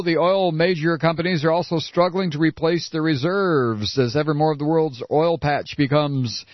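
A man giving sarcastic political commentary while reading a news article, with mocking asides. He swings from shrill mock surprise to low muttering. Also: no room sound. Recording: dry, dull lo-fi audio.

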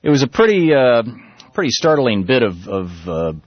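A male talk radio host with a husky, lower voice that swings up and down a lot as he talks. He rambles through his points with restarts and fillers. The sound is dry and dull, like an old radio broadcast. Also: moderate pace, no room sound. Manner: loose, animated delivery with many restarts and fillers. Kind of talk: political talk radio monologue.

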